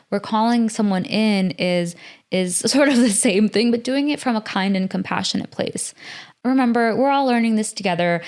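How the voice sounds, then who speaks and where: A young American woman hosting a solo podcast, talking in an earnest, chatty way with lots of filler words. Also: medium pitch. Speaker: podcast host. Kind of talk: casual solo podcast talk.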